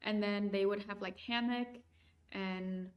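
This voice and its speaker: A woman's voice: medium pitch, fairly even intonation, measured pace, clear, resonant tone. A woman hosting a podcast on a video call, chatting casually and hesitantly as she walks through her travel photos. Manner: hesitant, many fillers and restarts. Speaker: podcast host.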